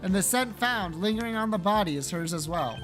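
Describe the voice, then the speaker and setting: A player voicing a male prosecutor, calm, formal, measured, mid-pitched, soft game music underneath. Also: natural voice.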